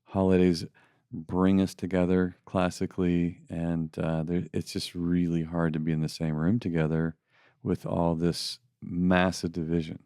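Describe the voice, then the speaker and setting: A man's voice: sits low, monotone, measured pace, dark tone, clear, resonant tone, no room sound, clean studio sound. A middle-aged man co-hosting a faith podcast, talking casually and putting on mocking voices when he quotes people. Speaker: podcast co-host.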